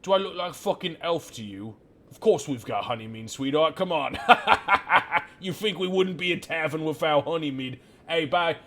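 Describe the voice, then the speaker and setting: A man's voice: a little high, expressive, brisk, voice pushed up, natural voice. A man voicing a huge, crude half-orc barkeep who is boisterous and swears freely. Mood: scoffing. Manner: boisterous, profane, blustering.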